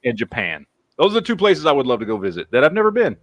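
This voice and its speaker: A man's voice: medium pitch, wildly swooping pitch, fast, no room sound. A middle-aged man with a Texan accent hosting a casual livestream, rambling and swearing as he reads out viewer names. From Texas. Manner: rambling, profane, reads chat names aloud. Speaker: livestream host.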